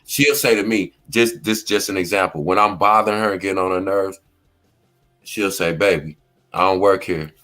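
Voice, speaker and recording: Middle-aged guy w/ aave, chill commentary chat, kinda low voice, acts out what people said. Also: normal speed, bright, forceful tone, faint music behind. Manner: laid-back storytelling, acts out quoted lines. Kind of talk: casual commentary talk.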